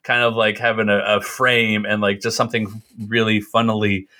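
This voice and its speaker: Bright-voiced man chatting about movies. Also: on the low side, level tone, normal speed. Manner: laughs often, quotes lines in put-on voices. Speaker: podcast co-host. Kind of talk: casual movie discussion.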